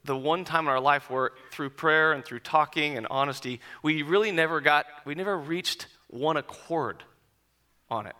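Man, 40s, brisk bright tone, personal storyteller moving from animated to hushed and reflective. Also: on the high side. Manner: animated, then quiet and reflective. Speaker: speaker addressing an audience.

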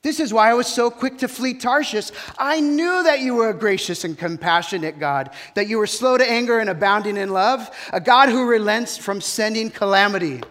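Overwrought ancient male prophet exclaiming loudly, a man acting him out, higher voice, long hall reverb. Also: unhurried. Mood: exasperated. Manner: loud, exclaiming, theatrical.

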